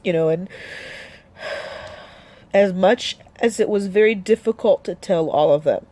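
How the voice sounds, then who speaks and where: A young woman talking about her grief in a personal vlog, halting, with many restarts and fillers. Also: mid-range voice, dark tone. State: grieving, voice dropping soft. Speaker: vlogger.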